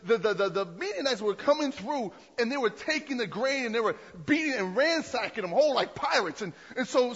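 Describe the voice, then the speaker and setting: Husky, high-voiced preacher in a hall. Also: male voice, fairly bright tone. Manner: conversational, rambling with repeated restarts. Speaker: pastor. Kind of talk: sermon. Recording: long hall echo, dull lo-fi sound.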